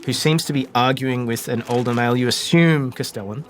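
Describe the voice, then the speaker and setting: A man's voice: medium pitch, fairly quick. A man narrating a tabletop role-playing game as the game master, describing scenes with many fillers and restarts.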